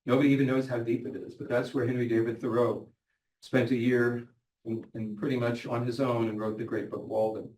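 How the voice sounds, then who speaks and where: A man's voice: medium pitch, little pitch movement, brisk, a little mellow. A middle-aged man giving a lecture, earnestly retelling patients' stories in their own words. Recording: echoey hall, mic at a distance, faint noise.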